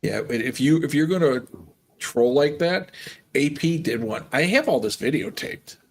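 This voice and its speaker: A man's voice: medium pitch, lively intonation, normal speed. A man hosting a casual stream, telling a long funny story and laughing often. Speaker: streamer host.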